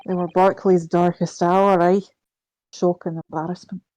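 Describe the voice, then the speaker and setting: A woman's voice: on the low side, little pitch movement, normal speed, dark tone, soft background music, natural voice. A woman voicing a sly male prison governor in a put-on Scottish accent, reading game dialogue aloud with a dry, wry manner. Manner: dialect-heavy, wry reading of game lines.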